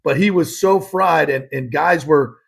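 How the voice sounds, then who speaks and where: A man hosts a casual sports talk show with a gravelly, husky voice that sits a little high. His talk is loose and conversational, full of quick exclamations. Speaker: host.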